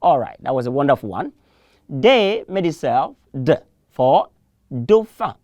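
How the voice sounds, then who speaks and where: A woman teaching French on a televised lesson, patiently repeating each word for learners to echo and gently correcting mistakes. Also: rumbling low, sing-song, moderate pace, highs cut off. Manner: encouraging, gently corrects mispronunciations.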